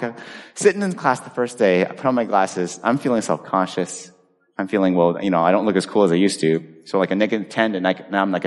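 Male pastor in his 40s, animated storyteller, voices all the people in his stories, long hall reverb. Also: medium pitch. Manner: animated storyteller acting out dialogue. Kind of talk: storytelling sermon.

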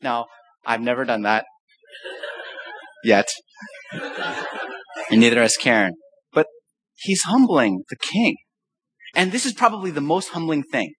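A man preaching a sermon as pastor, reading scripture aloud and explaining it with emphatic, animated delivery and rhetorical questions. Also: medium pitch, a little slow, pauses often, background noise.

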